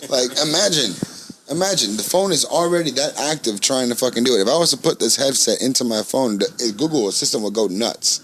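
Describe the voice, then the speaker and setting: A man's voice: mid-range voice, sing-song, moderate pace, fairly bright tone. A man co-hosting a casual comedy podcast who riffs and mimics phone voices. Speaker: podcast co-host.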